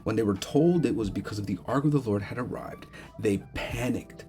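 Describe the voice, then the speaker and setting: A young man with a fairly low voice leads a casual Bible devotional. He talks in a loose, conversational way, full of fillers and restarts. Soft music plays faintly behind him. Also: moderate pace. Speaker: devotional host.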